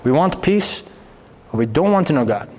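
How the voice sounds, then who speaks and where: A man giving a live motivational talk to an audience, animated and expressive, firing off rhetorical questions with the occasional swear word. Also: on the high side, moderate pace. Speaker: motivational speaker. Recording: reverberant hall.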